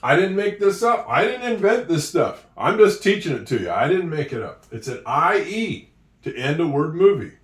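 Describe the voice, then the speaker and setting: A man's voice: fairly high pitch, sing-song, distant mic. Encouraging male teacher, echoey room. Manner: slow, encouraging, with drawn-out words. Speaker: English teacher. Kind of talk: handwriting and spelling lesson. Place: room with a whiteboard.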